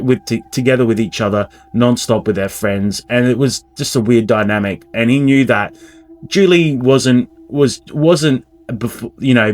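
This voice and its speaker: A man telling a spooky myth in a casual, rambling way, with asides and restarts. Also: mid-range voice. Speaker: storyteller, channel host. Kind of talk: casual spoken storytelling of a myth.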